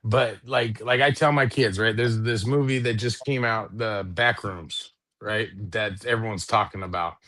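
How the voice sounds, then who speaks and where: A man's voice: lowish voice, normal speed, few pauses, a bit bright, dry recording. A middle-aged man co-hosting a casual podcast, rambling and swearing freely, and often asking "you know what I mean". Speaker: podcast co-host. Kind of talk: casual chat.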